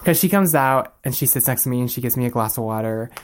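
A young man in his twenties, a podcast guest, telling a personal story in a casual, animated way and acting out the people he quotes. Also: mid-range voice, fast talker, a little hiss or hum.

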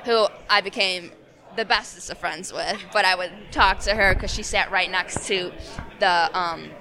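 A woman's voice: fairly low pitch, measured pace, over music. A young woman in her twenties from Chicago, a guest in a casual interview, talking bluntly and confidently. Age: 20s.

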